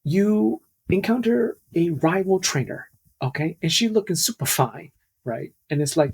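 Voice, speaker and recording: Gravelly young man rambling jokily. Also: a little high, animated, measured pace. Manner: rambling, jokey, self-interrupting. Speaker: podcast host. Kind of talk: casual podcast monologue.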